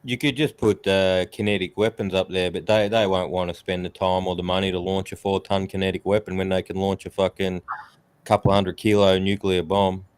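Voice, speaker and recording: Blunt, swearing man, low voice. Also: flat delivery, fairly quick, clean tone, dry recording. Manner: blunt and heavily profane, ranting; mocks others in raised put-on voices. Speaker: streamer. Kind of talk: casual chat.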